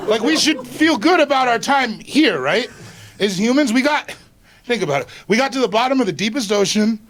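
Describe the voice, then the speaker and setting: A man doing a stand-up routine, animated and laughing through his lines. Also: very high voice, a little fast. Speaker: stand-up comedian. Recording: live show with loud audience laughter.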